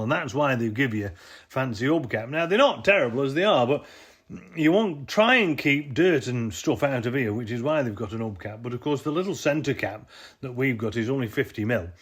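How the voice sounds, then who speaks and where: A man talks through a hands-on job in a casual how-to vlog. He rambles and corrects himself as he goes, at an everyday pitch, speaking into the camera he holds himself. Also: normal speed, husky. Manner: rambling, chatty, self-correcting explanations. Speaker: vehicle owner showing his work. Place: outdoors beside a jacked-up off-roader. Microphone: handheld camera he films with himself.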